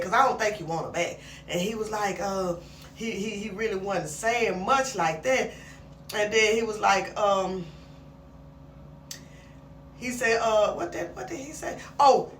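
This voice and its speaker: A woman giving a casual, animated recap of a skit series. She talks straight to the characters and drops her voice lower to quote the men. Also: unhurried, distant mic, slight background noise. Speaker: commentary vlogger. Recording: roomy echo, speaking from away from the mic.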